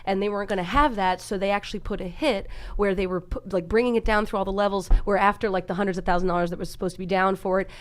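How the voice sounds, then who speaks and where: A woman in a casual podcast conversation who tells stories with excited emphasis and drops curse words freely. Her voice sits in an ordinary middle pitch. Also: very fast, hardly any pauses. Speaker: podcast co-host.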